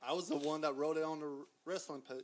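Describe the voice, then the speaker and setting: A man's voice: a little high, steady tone, fast talker, slight background noise. A man guesting on a casual wrestling talk show, stammering and insistent as he argues his point. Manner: stammering, insistent, says hold on a lot. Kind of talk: casual chat.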